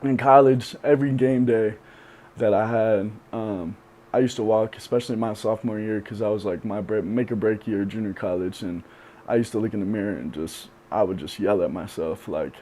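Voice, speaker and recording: Low mellow young man, halting and reflective. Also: slight background noise. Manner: reflective, halting with many fillers. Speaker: podcast guest. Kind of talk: candid interview talk.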